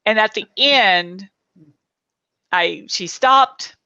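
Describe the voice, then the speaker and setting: A woman hosting a casual interview chat, an animated storyteller who acts out what people said. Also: mid-range voice, very slow, no echo, highs cut off. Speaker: host.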